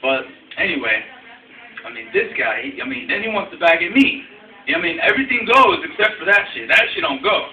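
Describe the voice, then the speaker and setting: A man's voice: sits high, big pitch swings, a little fast, dull audio. A young man telling a story in a casual, rambling way, filling gaps with "you know" and "I mean" and swearing freely, recorded indoors on a phone camera. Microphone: phone camera from across the room. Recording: echoey, distant, noisy phone video.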